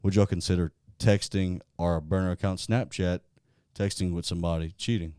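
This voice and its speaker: Apresentador com sotaque sulista americano, voz grave, som seco, perguntas diretas e casuais. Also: male voice, low voice, steady tone, a little fast, darkish tone, clean tone, no room sound, studio quality. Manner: blunt, probing questions. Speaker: podcast host. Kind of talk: casual podcast chat.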